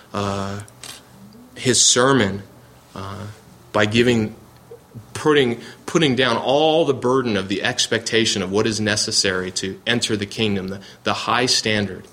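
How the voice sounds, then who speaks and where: A man's voice: fairly low pitch, sharp tone, a little hiss or hum. A man teaching a Bible class, reading scripture aloud in an earnest way and often restarting sentences as he searches for words.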